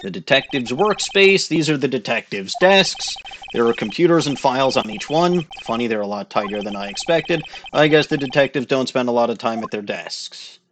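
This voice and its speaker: Let's-play host, male, mid-pitched, casual and wisecracking, reads game lines aloud. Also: lively intonation, normal speed, background noise. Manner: joking, reading game text aloud. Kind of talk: casual gameplay commentary.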